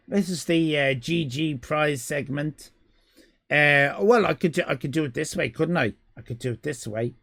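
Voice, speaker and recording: A man's voice: a little high, a little slow, vocal fry, a bit bright. A man hosting a live stream, rambling in casual commentary with mock-serious absurd humor. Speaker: livestream host.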